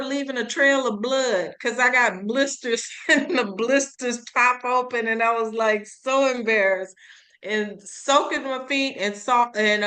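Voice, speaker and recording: A woman co-hosting a casual herbal talk show, relaxed and chatty, laughing often. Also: a little high. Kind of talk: casual chat.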